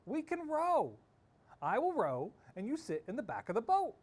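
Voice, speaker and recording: A man voicing an eager, determined young girl in a read-aloud storybook, high and insistent. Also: sing-song, normal speed.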